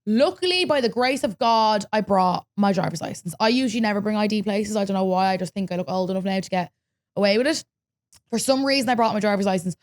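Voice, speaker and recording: A young Irish woman hosting a podcast, telling a story in casual chat, lively and swearing freely as she acts out what people said. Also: medium pitch, fast. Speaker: podcast host.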